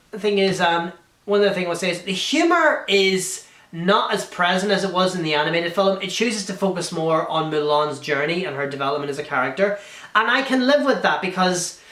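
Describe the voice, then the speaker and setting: A man's voice: sits high, fairly bright tone. A man giving a casual, enthusiastic spoken film review, gushing with frequent ums and restarts. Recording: roomy echo.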